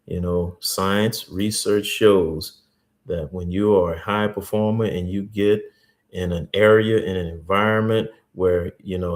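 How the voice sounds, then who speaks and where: Man, low voice, earnest teaching talk, repeats key points. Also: moderate pace. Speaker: host. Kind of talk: teaching talk with faith stories.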